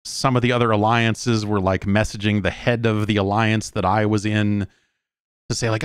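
A man's voice: fairly low pitch, steady tone, normal speed, dry recording, studio quality. A man in his forties hosting a podcast, ranting casually and with exasperation, swearing often and mocking what others say. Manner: profane, exasperated, mocks in quoted voices. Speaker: podcast host.

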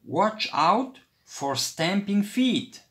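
A man reading a children's storybook aloud, voicing a cheerful, proud little male town mouse with eager, excited calls. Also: high-pitched, drawn-out words, pitched above the performer's own voice, full character voice. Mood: urgent.

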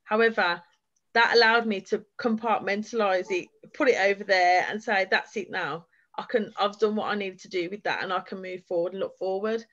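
A woman speaking as a forum guest, giving an earnest and heartfelt account of her own experience. Her voice sits at an ordinary middle pitch, and her sentences run on in long, flowing stretches. The recording is a little dull and lo-fi. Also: steady tone, moderate pace, fairly bright tone. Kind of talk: personal testimony at a forum.

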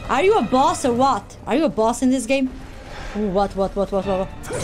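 A woman gaming YouTuber giving loud, excitable let's-play commentary, yelping, laughing and chatting with her viewers. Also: on the high side, moderate pace. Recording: game music playing underneath.

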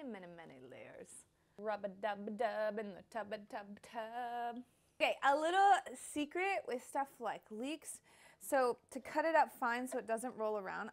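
A young woman hosting a casual cooking demonstration, bubbly and playful as she chops and explains. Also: medium pitch. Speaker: cooking show host.

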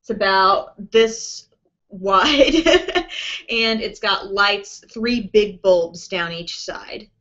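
A woman beauty vlogger chats loosely through viewer questions on a live stream. She rambles along with plenty of fillers, and her voice is bright and a little sharp. The stream audio is dull and lo-fi. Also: mid-range voice, drawn-out words. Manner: chatty, rambling, with many fillers like "um" and "like". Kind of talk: casual chat answering viewer questions.

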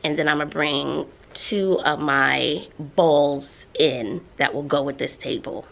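Expressive woman teacher talking to camera. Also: low-pitched, takes it slowly, gravelly. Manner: expressive, ranting, sighs and laughs often. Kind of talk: casual vlog talk to camera.

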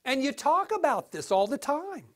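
Preaching in a church at normal speed, this male pastor is lively and animated. He swings from abrupt exclamations down to hushed asides and keeps starting sentences over.

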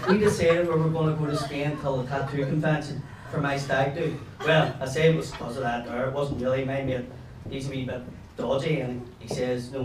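A man's voice: fairly high pitch, echoey room, far from the mic, very noisy. Belfast man telling crude stand-up stories. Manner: crude, rambling storytelling with loud shouted bursts. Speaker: stand-up comedian. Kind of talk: stand-up comedy set. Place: pub comedy room with a laughing audience.

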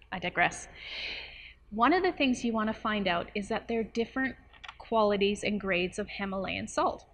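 Woman, nutrition coach, casual to-camera chat, explains plainly, playful asides, quick to laugh. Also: mid-range voice.

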